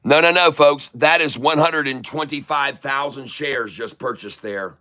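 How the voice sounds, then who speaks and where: Slow, bright-voiced man mocking short sellers. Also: mid-range voice. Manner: teasing, boastful, crude, laughs often. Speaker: stock trader streamer. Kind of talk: live trading commentary.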